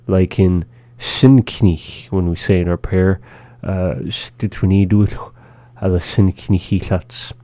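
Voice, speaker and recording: A man teaching phrases of his community's language on a radio show, speaking slowly and patiently and repeating each phrase for learners. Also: sits low, level tone, dark tone, no room sound.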